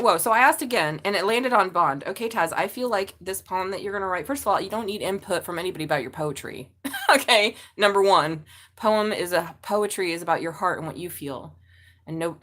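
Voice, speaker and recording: A woman's voice: fairly low pitch, fairly quick, fairly bright tone. A middle-aged woman reading tarot on a casual live stream, blunt and chatty, swearing freely. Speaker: tarot reader.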